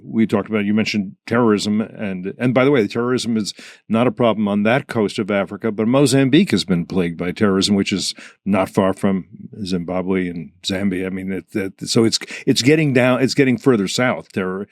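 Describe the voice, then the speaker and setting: Low-voiced casual man hosting a podcast. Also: a little fast, no echo, studio quality. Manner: casual, conversational, frequent fillers. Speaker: podcast host. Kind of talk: podcast interview.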